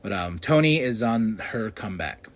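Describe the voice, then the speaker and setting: A man hosting a podcast, giving an excitable casual recap of a show and acting out what people said in loud bursts. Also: fairly low pitch, moderate pace. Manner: excitable, acts out quotes with loud outbursts. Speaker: podcast host.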